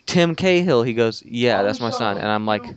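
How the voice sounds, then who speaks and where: A man's voice: lowish voice, flat delivery, moderate pace, dull audio, a crowd in the background. A young man on a podcast, telling a rambling story in casual chat, swearing and acting out the quotes. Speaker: podcast co-host.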